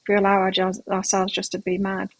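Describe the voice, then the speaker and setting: A middle-aged woman with a husky, breathy voice hosts a live tarot stream. She talks loosely and chattily, drifting into anecdotes, and her voice sits at an ordinary pitch. The sound is close and dry, with no room around it. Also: completely flat delivery, fast, no room sound, low-quality recording. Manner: chatty and rambling, telling anecdotes. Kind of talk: casual live-stream chat between tarot readings.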